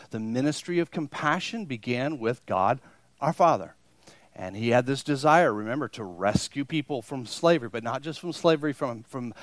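A man's voice: medium pitch, dry recording. A pastor preaching a sermon to his congregation, emphatic and repeating phrases for stress, often acting out his listeners' reactions. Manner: plays out imagined listeners' reactions. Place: church service before a congregation.

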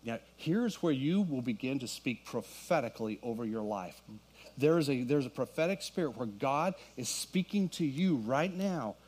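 A man's voice: mid-range voice, expressive, normal speed, darkish tone. A middle-aged man, a pastor, telling a story and preaching a sermon to his congregation. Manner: storytelling, builds to fervent preaching. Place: church sanctuary with congregation.

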